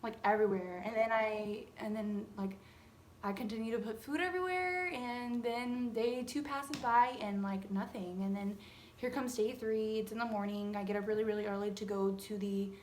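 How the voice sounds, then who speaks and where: Animated young woman telling a story. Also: on the high side, moderate pace, slight background noise. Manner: animated, swears freely, dramatic retelling. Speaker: vlogger. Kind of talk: casual storytime chat.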